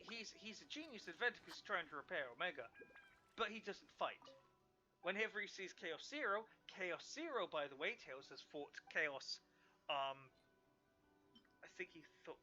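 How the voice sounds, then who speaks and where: High, lively rambling streamer. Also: male voice, highs cut off. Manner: rambling, thinking aloud with many restarts. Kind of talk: casual gaming commentary.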